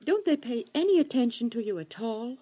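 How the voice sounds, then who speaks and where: An actress playing a gentle, worried mother in a radio drama, speaking softly and hesitantly. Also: a little high, animated, a little fast. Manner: soft, anxious, hesitant.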